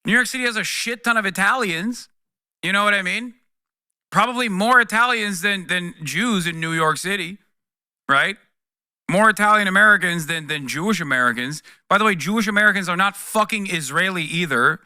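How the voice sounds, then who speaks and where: A man's voice: high voice, moderate pace, pushed and bright, clear, resonant tone, dry recording, clean studio sound. A man streaming casual political commentary, talking with a profane, exasperated edge in bursts with restarts, to his chat.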